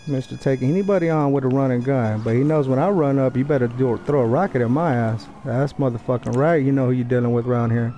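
A man's voice: medium pitch, fast, few pauses, warm tone, a little hiss or hum. A young man trash-talking other players in an online game over a headset mic, taunting, profane and boastful. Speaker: gamer streaming online play.

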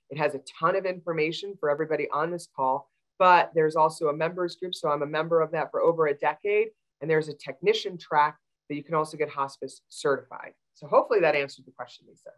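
A woman's voice: low voice, fast, low-quality recording. A woman veterinarian answering audience questions on a video call, explaining with many fillers. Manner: warm, explanatory, with frequent fillers.

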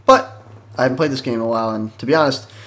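A man giving casual commentary over his own gameplay, excitable, swearing and yelping when the action spikes. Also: mid-range voice, racing. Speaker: gaming YouTuber. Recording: game noise behind voice.

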